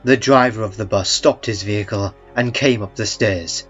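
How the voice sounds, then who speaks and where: A man reading a first-person horror story in a calm, dry, understated way. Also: fairly low pitch, normal speed, husky. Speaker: narrator. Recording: muffled, with faint music beneath.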